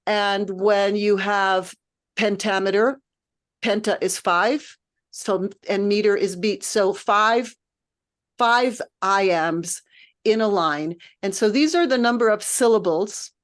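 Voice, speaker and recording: A woman's voice: mid-range voice, slow pace. A woman music director leading a text study, lecturing informally in a thoughtful, patient way while she searches for her words.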